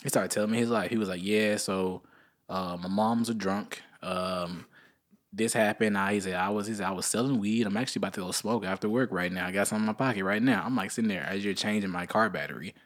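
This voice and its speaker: A young man co-hosting a podcast, chatting casually and telling a long story, often jumping into high voices to quote people. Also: quick pace. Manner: animated storyteller, jumps into high-pitched voices when quoting people. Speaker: podcast co-host.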